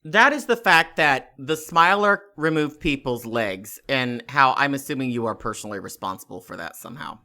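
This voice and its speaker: A man's voice: mid-range voice, expressive, normal speed, hardly any pauses, pushed and bright. A man hosting a podcast, chatting in a brash, crude, teasing way. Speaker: podcast host. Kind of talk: casual podcast chat.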